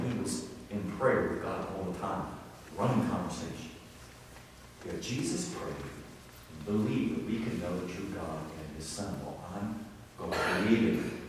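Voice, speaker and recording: A man's voice: fairly low pitch, a little hiss or hum. A man preaching a sermon as pastor, chatty and self-deprecating, telling stories with quoted voices. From Ohio. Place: church sanctuary. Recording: reverberant church hall, mic at a distance.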